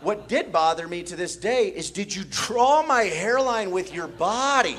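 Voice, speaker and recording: A man's voice: high-pitched, sing-song, a little slow, few pauses, fairly bright tone, a faint crowd, a little hiss or hum. A man from the Midwest doing stand-up comedy, telling anxious stories in a manic, rambling way on a comedy club stage.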